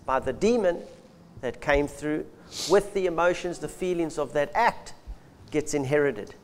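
A man's voice: on the high side, unhurried. A man and minister co-teaching in an earnest, exhorting conversational style.

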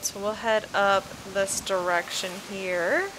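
Slow and fairly even in intonation, her mid-range voice still bursts into frequent exclamations as she shows off a game island, yawning now and then. Music and noise fill the background of this relaxed gameplay commentary.

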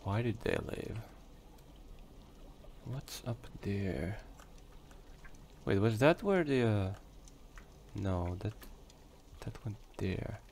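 Young male let's-player, low voice, sweary and self-talking. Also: lively intonation, very slow, long pauses, a little mellow, a little hiss or hum. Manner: swearing, frustrated outbursts and muttering to himself. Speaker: let's play gamer. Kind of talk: casual gameplay commentary.

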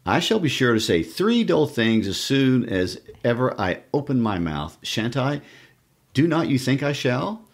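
A man voicing a chattering older spinster woman in a fluttery falsetto, eager and flustered. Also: very animated, unhurried.

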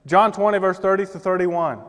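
Male preacher, high voice, fervent sermon delivery, echoing sanctuary sound. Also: normal speed, fairly bright tone. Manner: impassioned, acts out the Bible figures' words. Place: church sanctuary. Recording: long reverb of a church hall.

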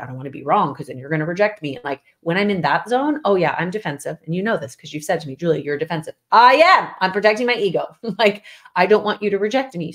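Woman, podcast co-host, lowish voice, animated and emphatic, laughs a lot. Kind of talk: casual conversation with spouse.

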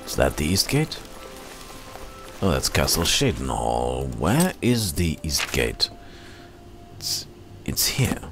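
A low-voiced man gives casual commentary over his own gameplay, rambling and talking to himself. He speaks slowly with lively swings in pitch and plays at being angry. Faint game music sits underneath. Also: creaky. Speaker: let's play host.

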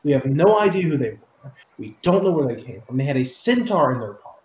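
Brief: man plays griping male officer, raised pitch, exasperated, mellow tone. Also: big pitch swings, fast talker, echoey room, lightly acted. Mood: complaining. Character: complaining male soldier officer, grumbling.

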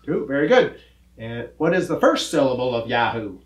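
A man's voice: medium pitch, very animated, moderate pace, reverberant, lightly acted. A man playing a good-natured cowboy teacher who explains word parts with a folksy drawl and corny jokes. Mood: friendly. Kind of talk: children's comedy skit.

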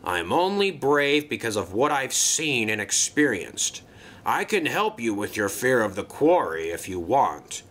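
An old, wise storybook engine who talks slowly and gently reassures the young ones, with a bright, lively voice, as a man plays him. A patient mentor in a toy-railway tale. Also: mid-range voice. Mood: reassuring. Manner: slow, reassuring.

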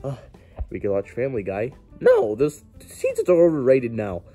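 A man's voice: wildly swooping pitch, normal speed, warm tone, faint music behind. A man doing a jumpy plush plumber toy. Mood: bored. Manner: yelps in sudden high outbursts. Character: excitable plush plumber toy, easily alarmed.

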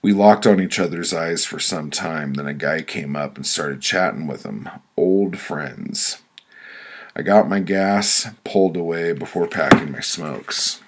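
A man reading his own prose poems aloud as an audiobook, blunt, profane and deadpan. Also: low-pitched, unhurried, slight background noise.

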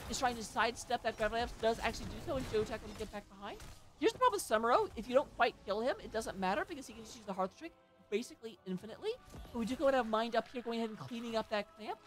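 A woman calls an amateur esports match at a rapid clip, her voice sitting a little high. She talks in a chatty, excitable way and drops joking asides between the plays. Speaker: esports caster. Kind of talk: play-by-play game commentary.

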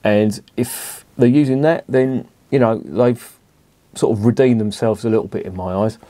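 A man's voice: mid-range voice, normal speed, warm tone, no echo. A man giving a casual beer review, blunt and opinionated, swearing freely.

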